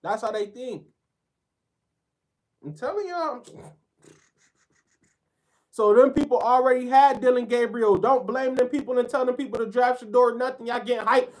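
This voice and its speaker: A man's voice: extremely high pitch, moderate pace, pauses often. A man ranting in a sports commentary video, fired up and blunt. He talks in loose slang and swears freely. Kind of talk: heated sports commentary rant.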